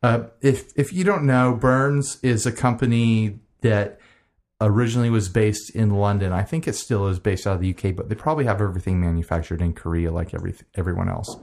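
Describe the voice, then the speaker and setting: A man's voice: fairly low pitch, fairly even intonation, brisk, darkish tone. Laid-back man chatting about guitars. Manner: laughs easily, rambling and enthusiastic. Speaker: podcast co-host. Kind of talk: casual chat.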